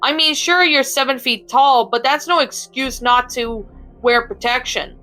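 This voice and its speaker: A woman voicing an angry young woman who shouts harsh accusations. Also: high-pitched, unhurried, soft background music, pitched above the performer's own voice. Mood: furious.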